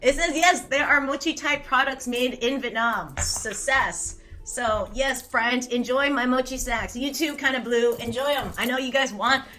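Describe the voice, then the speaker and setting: A bright, fairly high-voiced woman in her thirties hosts a casual live stream. She reads chat aloud, rambles, mocks herself, and giggles often. She is from California. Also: measured pace, few pauses, soft background music. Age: 30s. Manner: giggly, rambling, self-mocking, laughs often.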